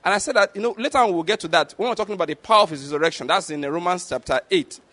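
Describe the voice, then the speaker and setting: High-voiced man preaching a sermon. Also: rapid-fire, a bit bright. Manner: emphatic, asks listeners if they get the point, chuckles often; acts out quoted voices in a high pitch.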